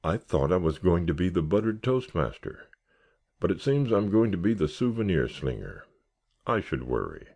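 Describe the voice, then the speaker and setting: A man's voice: deep voice, very animated, normal speed, vocal fry, a little mellow, exaggerated voice. A man reading the part of an irrepressible, wisecracking teenage boy scout who jokes in a mock-formal, punning way. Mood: joking. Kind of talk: audiobook character reading.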